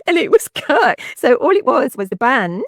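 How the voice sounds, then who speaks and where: A woman's voice: high-pitched, big pitch swings, normal speed, fairly bright tone, no echo, studio quality. A middle-aged woman co-hosting a podcast. She chats casually and laughs often. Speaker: podcast co-host and event organiser.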